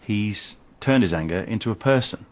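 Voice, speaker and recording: Man as a male anger therapist, low voice, earnest, gently encouraging, sitcom. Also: animated, normal speed, lightly acted. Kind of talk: sitcom acting.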